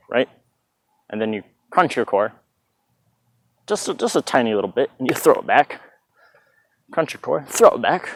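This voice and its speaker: A man's voice: mid-range voice, dry recording. A man giving a casual dance tutorial in a loose, chatty way, counting out moves with "bah" sounds, sometimes moving away from the mic. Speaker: dance instructor. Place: outdoors in hot weather. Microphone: plugged-in mic, sometimes stepping away.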